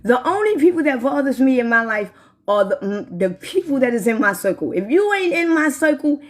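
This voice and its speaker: High-voiced woman ranting, full of swearing. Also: sing-song, brisk. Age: 40s. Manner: heated, swears constantly, talks straight to viewers. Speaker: livestreamer. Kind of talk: profane live-stream rant.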